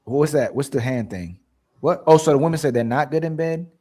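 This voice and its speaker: A man's voice: a little high, a little fast, warm tone. A man co-hosting a live-stream talk, probing with repeated follow-up questions.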